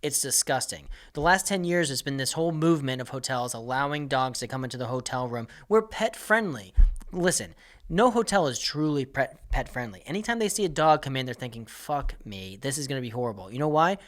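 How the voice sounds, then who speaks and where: A comedian and podcast host, a man, rants in an exasperated comic monologue and swears freely as he goes. His voice sits at an ordinary middle pitch. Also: expressive, fairly quick, a bit bright. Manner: exasperated, profane ranting.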